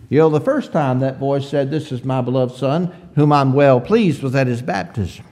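A man preaching a sermon in an emphatic cadence, stretching out phrases, swelling on key words and often clearing his throat. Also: mid-range voice, lively intonation, moderate pace, darkish tone.

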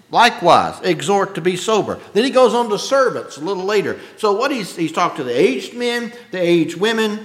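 A man preaching an expository sermon with a drawn-out, emphatic cadence, often clearing his throat. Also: high voice, a bit bright. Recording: echoey hall with long reverb.

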